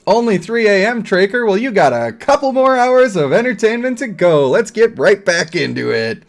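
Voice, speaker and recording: A man's voice: high-pitched, very animated, normal speed. A male streamer giving casual, crude, jokey commentary on a game, laughing often.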